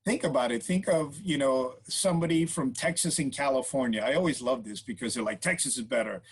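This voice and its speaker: Man, podcast guest, husky voice, earnest, explanatory, casual interview talk, "right?" tags. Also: medium pitch, fairly quick, poor audio.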